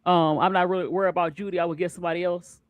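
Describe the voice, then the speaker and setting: A man hosting a casual sports talk stream, animated and repeating words as he gets going. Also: sits high, rapid-fire, phone-quality sound. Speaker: show host.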